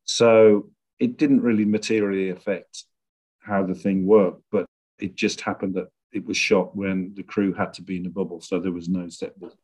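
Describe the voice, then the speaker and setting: In a conversational interview, a middle-aged screenwriter weighs his words reflectively, searching as he goes. His low voice is steady in tone and a little mellow.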